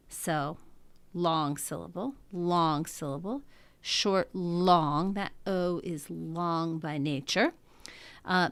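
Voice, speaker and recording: A woman's voice: lowish voice, a bit bright, no room sound. A woman teaching a lesson, talking methodically through each step. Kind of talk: classroom lecture.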